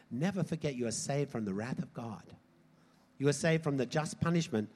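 A man preaching a sermon in an animated way, swinging from loud emphasis to quiet asides. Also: mid-range voice, a little fast. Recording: hall reverb.

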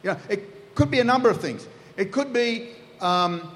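A man's voice: high voice, lively intonation, normal speed, fairly bright tone. A man preaching a sermon, telling the story vividly and acting out the scenes. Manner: storytelling, acts out scenes in voices. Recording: echoey hall.

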